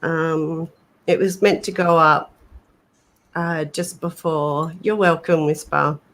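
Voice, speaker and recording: Slow, low-voiced woman livestream co-host. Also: fairly even intonation, a bit bright. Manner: hesitant, many fillers and restarts. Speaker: paranormal channel co-host. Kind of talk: casual livestream chat.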